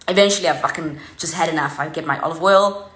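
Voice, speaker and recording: Profane, animated woman. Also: deep voice, fast talker. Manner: animated, heavily profane, tells a story with many fillers. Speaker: vlogger. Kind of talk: unscripted ranting anecdote. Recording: roomy echo.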